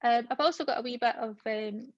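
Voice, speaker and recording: A woman's voice: on the high side, a little fast, dry recording. A woman, an author talking about her novel at a book launch in a chatty way, with frequent fillers. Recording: dull lo-fi dry recording.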